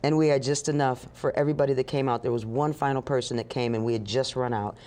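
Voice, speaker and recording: A woman telling a story as an interview guest, animated and acting out the voices of the people in it. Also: a bass voice, fast talker. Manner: animated, acts out dialogue with laughs.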